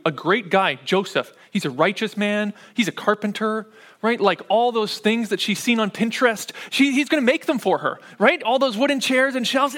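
A pastor with a high-pitched, slightly bright voice preaches a sermon in a conversational way. He checks in with listeners often, frequently asking "right?"

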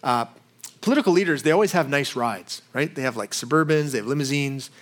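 A man's voice: mid-range voice, brisk. A man preaching a sermon in a conversational way, often asking rhetorical questions. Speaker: pastor.

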